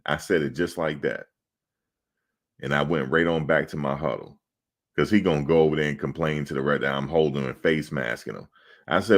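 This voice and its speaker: A middle-aged man with a very low, deep voice tells casual, animated stories. He gets loud and emphatic, swears freely and acts out the other people in his stories. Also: fairly quick. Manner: loud, emphatic, profane, acts out quoted exchanges. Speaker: sports show host.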